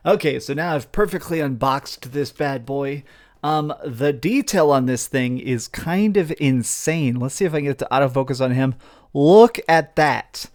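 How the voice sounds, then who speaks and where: A young man hosting a game review and unboxing vlog, talking with gushing, animated enthusiasm. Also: medium pitch, moderate pace. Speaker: game reviewer and channel host.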